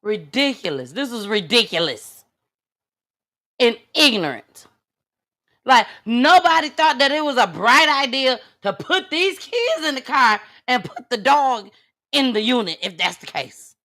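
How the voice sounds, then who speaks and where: A woman's voice: a little high, very animated, unhurried, sharp tone. A woman host giving blunt, outspoken commentary in on a live talk show.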